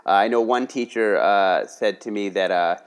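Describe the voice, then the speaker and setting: A man's voice: fairly low pitch, moderate pace, clear, resonant tone. A man from the Philadelphia area talking casually in an interview, rambling with many restarts and tags like "you know" and "right". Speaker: guest, writing workshop leader.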